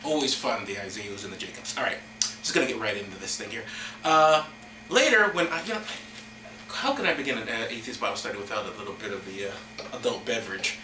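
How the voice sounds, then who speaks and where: A man hosting a comedy show, reading scripture in a hammy, mock-solemn way with deadpan asides. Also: on the low side, fairly quick, reverberant, a little hiss or hum, poor audio. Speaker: host.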